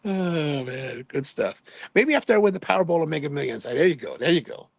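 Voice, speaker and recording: With a fairly high pitch and vocal fry, a man from Hawaii in his fifties tells casual, meandering stories while hosting a livestream, often quoting himself in fun. The recording is dry.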